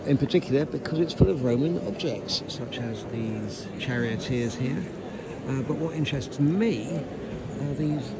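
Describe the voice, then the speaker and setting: A male tour guide talks through city sights in an animated way, pointing things out and putting questions to the viewer. His voice sits at a middle pitch. It is recorded on a phone, with clear traffic and city noise around him. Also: unhurried, a loud crowd. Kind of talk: walking tour explainer videos. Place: around London sites, in and out of doors. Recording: noisy city street sound.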